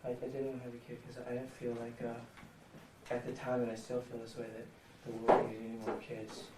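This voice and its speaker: A man chatting in a deadpan, joking way while being interviewed at a house. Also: medium pitch, a little fast. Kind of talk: casual chat. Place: indoors in a house. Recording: roomy, distant, noisy 1990 home video.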